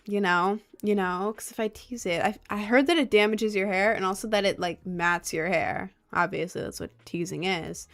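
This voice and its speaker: A woman's voice: medium pitch, normal speed, hardly any pauses. A young adult woman streaming live from her desk, chatting casually in a rambling, filler-heavy way, sleepy and yawning often. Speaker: livestreamer. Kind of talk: casual livestream chat. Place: home streaming setup at a desk.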